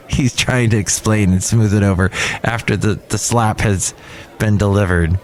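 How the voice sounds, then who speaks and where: A man in his fifties hosts a podcast from a cafe, chatting casually in a rambling way and often restarting his sentences. His voice sits lowish and has a darker color, with a steady tone and a normal pace.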